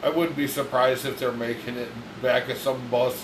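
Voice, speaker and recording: A man's voice: medium pitch, level tone, normal speed, background noise. A man teases and argues with his co-host, dropping the odd swear word. His voice sits in a middle register. The room is echoey, and an air conditioner hums behind him. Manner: teasing, bickering, swears. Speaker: podcast co-host. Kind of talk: casual argumentative chat.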